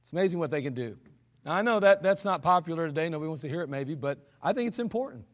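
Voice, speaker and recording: A high-voiced man preaching a blunt, scolding sermon from the pulpit. His voice rings out with a long reverb through a church hall. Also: expressive, rapid-fire. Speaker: pastor.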